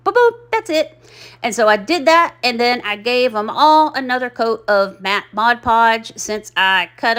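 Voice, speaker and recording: A woman's voice: fairly high pitch, fairly bright tone. A middle-aged woman, chatting in a rambling, folksy, self-deprecating way as she narrates her craft project. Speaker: craft channel host. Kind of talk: chatty DIY voice-over.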